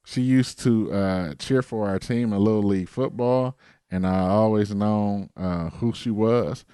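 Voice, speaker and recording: A man's voice: fairly low pitch, unhurried, warm tone, clear, resonant tone, no room sound, studio quality. A man co-hosting a podcast in casual chat, laid-back and joking, reading listener answers aloud. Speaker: podcast co-host.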